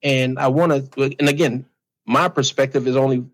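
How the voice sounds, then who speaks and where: A man in his late forties co-hosts a podcast in easygoing conversation. His speech is earnest and colloquial. He fills the gaps with steady "you know"s. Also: mid-range voice, moderate pace, rough recording. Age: 40s. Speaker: podcast co-host. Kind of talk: casual conversation.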